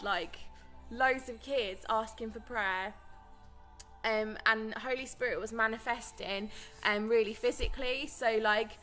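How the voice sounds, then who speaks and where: A woman's voice: a little high, fairly bright tone. A young British woman chatting casually to camera as a vlogger, telling stories in a rambling way. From Britain. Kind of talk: casual vlog chat.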